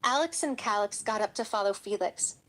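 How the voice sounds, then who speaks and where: A woman narrating an audiobook in a steady, even storytelling manner. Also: mid-range voice, brisk, rough recording.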